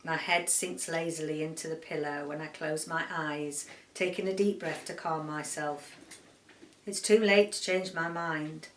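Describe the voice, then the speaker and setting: A woman book vlogger from the UK reading a short story aloud in a quiet, measured, subdued way. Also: deep voice, fairly even intonation, distant mic, a little hiss or hum. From United Kingdom. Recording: roomy echo, voice set back from the mic.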